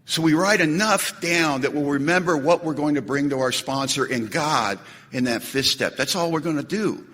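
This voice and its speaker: A man speaking at a recovery meeting, an animated storyteller who jokes and acts out quotes. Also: a little high, normal speed. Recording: echoey hall recording.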